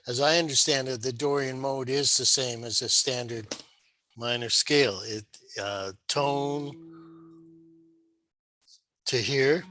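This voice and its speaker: A man's voice: mid-range voice, pushed and bright, poor audio. A man teaching guitar modes in a screen-shared lesson, patient and explanatory, asking the viewer rhetorical questions.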